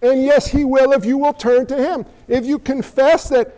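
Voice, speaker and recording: A middle-aged male pastor preaching a sermon, animated and humorous, acting out quotes. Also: very high-pitched, normal speed, few pauses, low-quality recording.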